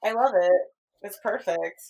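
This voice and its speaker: A woman's voice: mid-range voice, normal speed, vocal fry, darkish tone. A woman co-hosting a podcast, chatting casually and enthusiastically, giggling often. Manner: giggly, enthusiastic, acts out quotes. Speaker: podcast co-host. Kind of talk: casual chat.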